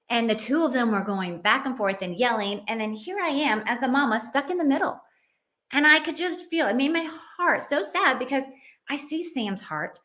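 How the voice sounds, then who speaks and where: Earnest, heartfelt mom telling a story. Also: female voice, sits high, animated, moderate pace, sharp tone. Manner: earnest, heartfelt, acts out family quotes. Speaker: Christian parenting podcast host. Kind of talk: personal storytelling.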